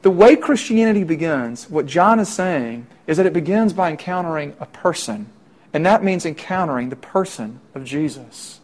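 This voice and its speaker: A man's voice: a little high, animated, moderate pace, a little mellow. A young man from Middle Tennessee, preaching a conversational sermon full of rhetorical questions to students. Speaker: campus minister.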